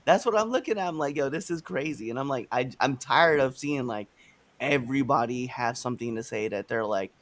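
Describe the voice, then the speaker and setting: A man co-hosting a casual wrestling podcast livestream from home over a video call, ranting in an animated way and swearing freely. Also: mid-range voice, brisk. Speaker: podcast co-host.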